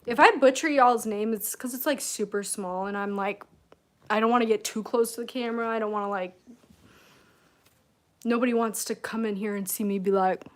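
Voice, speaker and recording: A Michigan woman, a self-help mentor on a livestream, chats from a home room scented with candles and incense while reading viewer comments. She speaks at normal speed in a somewhat high voice, laughing often and saying "you know" repeatedly.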